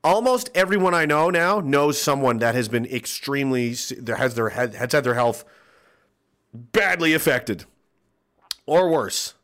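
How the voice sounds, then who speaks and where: Man, podcast host, profane indignant rant, lively swooping pitch, reads chat comments. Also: measured pace. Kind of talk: ranting livestream podcast, reading chat comments.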